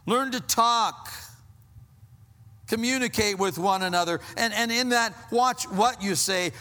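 High, bright-voiced preacher in a big hall. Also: male voice. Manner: preaching with sudden drops to hushed, low emphasis; slows down to stress points. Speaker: pastor. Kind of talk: sermon.

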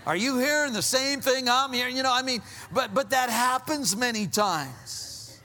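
A man delivers a sermon in a high, bright, ringing voice. He slows down to press his points and sinks to hushed, low lines for emphasis. The sound carries the long reverb of a church hall. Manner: preaching with sudden drops to hushed, low emphasis. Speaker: pastor.

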